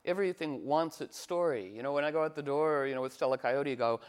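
A man talking in a meandering casual monologue as an astrologer, full of fillers and restarts, animated and playful. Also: fairly high pitch, fast talker, clear, resonant tone. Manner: animated, slips into playful cooing voices.

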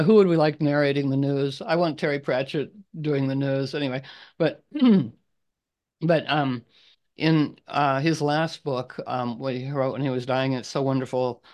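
A man hosts a loose group chat over a video call. He wanders through his thoughts, restarting sentences and clearing his throat often. His pitch sits in a middle range. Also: darkish tone. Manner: rambling, repetitive restarts, frequent throat clearing. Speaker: group leader.

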